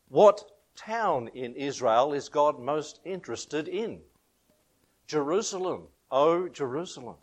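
A man's voice: a little high, darkish tone. A middle-aged Australian man preaching as a pastor. He reads scripture, leads a prayer and tells homely anecdotes with a laugh. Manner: chatty storytelling, laughs at his own anecdotes. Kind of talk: informal sermon with Bible reading.

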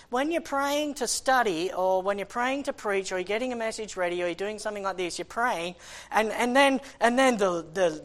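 A man's voice: high voice, a bit bright. A man preaching a sermon in an impassioned, conversational way, often restarting his sentences.

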